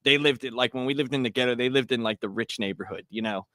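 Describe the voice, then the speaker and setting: A man in his thirties co-hosting a casual podcast chat, telling animated stories with swearing and acted-out quotes. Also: medium pitch, fast talker, no room sound, clean studio sound. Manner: animated storyteller, swears, laughs, acts out quotes. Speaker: podcast co-host.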